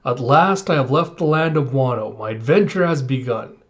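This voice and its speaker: A man's voice: medium pitch, normal speed, lo-fi sound, lightly acted. A man reading the lines of a bold, adventurous young samurai in a comic. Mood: earnest.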